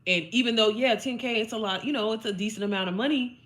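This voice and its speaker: Fast-talking bright-voiced woman from Indiana. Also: fairly high pitch. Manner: emphatic, blunt and profane, chatty with many fillers. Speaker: online business coach. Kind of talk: motivational vlog talk.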